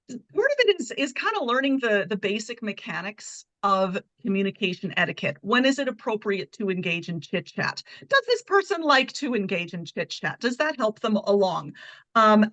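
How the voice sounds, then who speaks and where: A woman guest who coaches communication, explaining ideas in a measured, teaching way. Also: on the high side, a bit bright, dry recording, low-quality recording. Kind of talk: casual chat.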